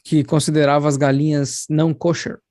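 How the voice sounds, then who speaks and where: Fast, dark-toned Brazilian interpreter man. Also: fairly high pitch, flat delivery, no echo, clean studio sound. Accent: Brazilian Portuguese. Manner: rapid, relaying others' words. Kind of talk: live consecutive interpreting.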